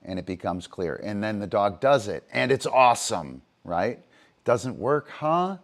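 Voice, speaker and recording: A man's voice: lowish voice, expressive, normal speed, creaky. A man livestreaming as a dog trainer, explaining his methods casually with frequent fillers and "right?" checks.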